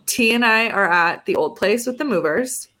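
A woman's voice: medium pitch, lively intonation, normal speed, sharp tone. A young adult woman co-hosting a podcast, telling a story in a casual chat and acting out both sides of phone calls. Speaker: podcast co-host.

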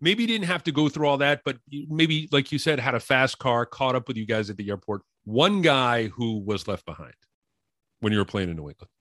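A man's voice: mid-range voice, expressive, moderate pace, a bit bright. A man co-hosting a casual sports podcast, prompting his guest with questions and repeating phrases. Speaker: podcast co-host.

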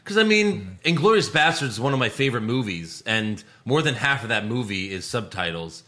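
A man co-hosting a podcast, reading news items and chatting in a relaxed way. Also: medium pitch, fairly quick. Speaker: podcast co-host. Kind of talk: casual chat.

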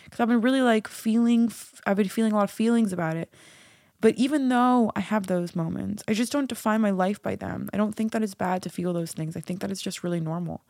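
A woman's voice: lowish voice, no room sound, studio quality. A woman hosting her own podcast, talking candidly and casually, swearing freely and poking fun at herself. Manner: frank, swears freely, self-mocking. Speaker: podcast host.

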